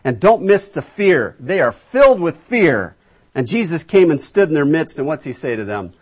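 Husky, animated male preacher. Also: fairly high pitch, normal speed. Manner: acts out voices of biblical figures, asks the audience questions. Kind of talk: animated storytelling sermon.

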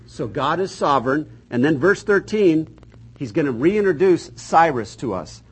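A man's voice: fairly high pitch, expressive, normal speed, breathy edge, low-quality recording. An older man teaching a Bible class in a folksy, joking way, reading scripture aloud with emphasis.

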